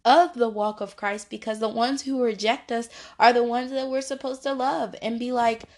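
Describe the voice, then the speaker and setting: A woman's voice: a little high, steady tone, normal speed. Chatty, upbeat young woman teaching Bible study. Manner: chatty and upbeat, laughs often, acts out playful voices. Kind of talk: casual Bible study lesson.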